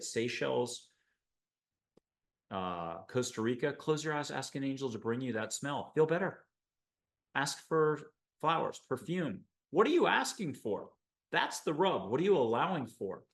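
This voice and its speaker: A man from the United States hosting a spiritual show, talking in an enthusiastic, rambling monologue full of animated asides. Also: on the low side. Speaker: host.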